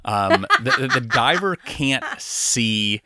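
A man co-hosting a podcast, chatting casually, laughing often and explaining things calmly. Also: mid-range voice, slow pace, very noisy. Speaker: podcast co-host. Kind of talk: casual chat.

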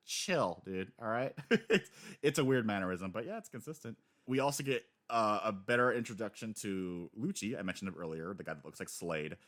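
A man co-hosting a casual chat, animated and quick to laugh, slipping into voices when he retells scenes. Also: fairly low pitch. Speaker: podcast co-host discussing a manga.

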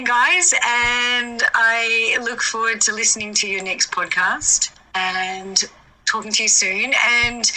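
A very bright, crisp-toned Australian woman records a casual thank-you message. She boasts playfully and teases herself with a cheeky, light delivery. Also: fairly high pitch, poor audio. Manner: playful, self-mocking boasting. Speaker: guest giving a recorded acceptance speech.

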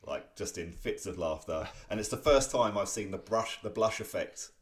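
A man's voice: on the low side, animated, normal speed. A man co-hosting a casual podcast, chatting about comic strips with frequent hesitations and chuckles. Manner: hesitant, many fillers and restarts, chuckling. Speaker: podcast co-host.

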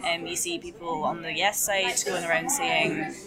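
Woman, low voice, crowd behind. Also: steady tone, moderate pace. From Scotland. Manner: thoughtful and hesitant, hedging her views. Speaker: podcast guest. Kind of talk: casual political discussion. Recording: noisy crowd in the background. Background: crowd chatter.

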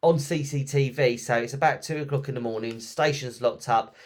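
A man hosting a podcast, retelling ghost stories in a chatty, lively way with plenty of ums and restarts. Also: medium pitch, fairly quick. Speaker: podcast host. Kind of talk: casual storytelling podcast.

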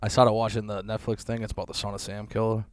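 A man's voice: lowish voice, little pitch movement, fast, smooth. A man hosting a podcast, chatting crudely and joking, laughing often. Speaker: podcast host. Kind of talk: casual chat.

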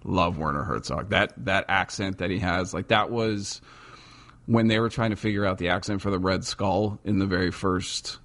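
A man's voice: low-pitched, moderate pace, a bit bright. A man chatting casually and enthusiastically with a friend, rambling a little as he talks. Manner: enthusiastic, rambling fan talk. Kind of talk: casual chat.

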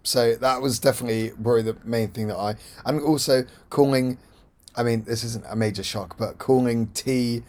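A man's voice: mid-range voice, steady tone, normal speed, darkish tone. A man from London chatting casually as a guest, easygoing and joking. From London, England. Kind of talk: casual chat.

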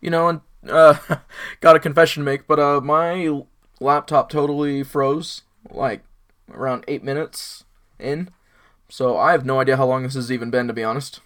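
A man's voice: medium pitch, steady tone, normal speed, fairly bright tone. A young man co-hosting a casual sports podcast, laid-back and rambling, full of fillers. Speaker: podcast co-host.

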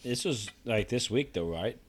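A man's voice: mid-range voice, lively intonation, normal speed. A man co-hosting a podcast, chiming in with dry, wry remarks in casual chat. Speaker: podcast co-host.

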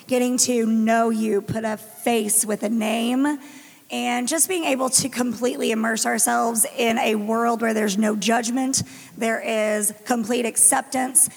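An earnest woman introduces herself on a panel, her words rushing out. Her voice is fairly high with a strong gravelly fry. Long hall reverb surrounds her. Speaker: panel guest.

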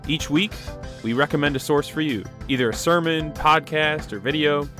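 A man's voice: fairly high pitch, moderate pace, sharp tone, faint music behind. A young man hosting a casual Christian podcast, upbeat and joking, often laughing. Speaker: podcast host.

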